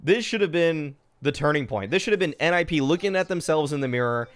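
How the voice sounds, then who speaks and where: A young man streaming, reacting to an old esports match in casual, excitable commentary, often exasperated and swearing. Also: on the high side, a little fast. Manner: excitable, exasperated, swears, many fillers like "dude".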